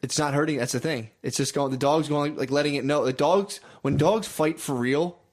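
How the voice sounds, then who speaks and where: A young man in casual chat, telling animated stories, swearing often and acting out other people's voices. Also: a little high, moderate pace. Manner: animated storytelling, swears a lot, acts out voices.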